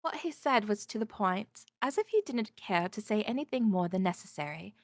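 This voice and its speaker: A woman reading a visual novel aloud, narrating in the first person and voicing the heroine with a lively, wondering manner. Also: mid-range voice, moderate pace, no room sound, clean studio sound.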